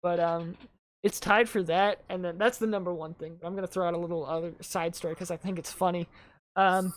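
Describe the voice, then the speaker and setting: A man's voice: high-pitched, steady tone, brisk. Rambling man hosting a casual podcast. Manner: rambling storyteller, heavy use of "like". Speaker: podcast host.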